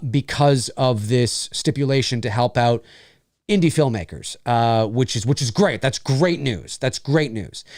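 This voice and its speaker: A man's voice: mid-range voice, a little mellow, no echo, studio quality. A man from Canada hosting a casual live-stream Q&A, rambling, repeating phrases and reading out viewers' comments.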